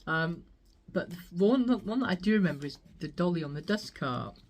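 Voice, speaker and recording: A woman's voice: fairly low pitch, expressive, brisk. A woman vlogging her thrift finds in a chatty, rambling way, laughing often. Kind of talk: casual chat.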